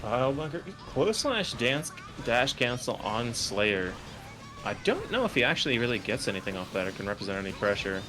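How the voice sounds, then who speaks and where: A man commentating an online fighting game tournament, calling moves quickly and joking between plays. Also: medium pitch. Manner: excitable, joking, rapid technical call-outs. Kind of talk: esports play-by-play commentary. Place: home setup, online broadcast.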